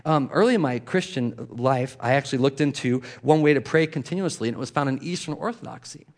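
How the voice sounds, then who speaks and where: A man preaching a sermon in a casual, chatty way, full of fillers and asides, who drops to a soft hush when reciting prayers. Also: mid-range voice, a little fast. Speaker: pastor.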